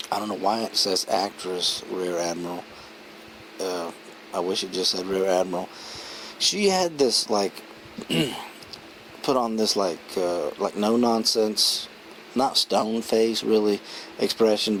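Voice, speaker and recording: A man's voice: lowish voice, slight background noise, poor audio. A man giving a casual, rambling spoken film review, chuckling as he retells scenes. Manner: rambling, chatty, many restarts and fillers.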